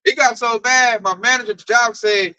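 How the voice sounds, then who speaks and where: Bright, animated man telling stories. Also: very high-pitched, brisk, smooth, no room sound, rough recording. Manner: animated, acts out coworkers' voices. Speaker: speaker at a group discussion. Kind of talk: casual storytelling chat.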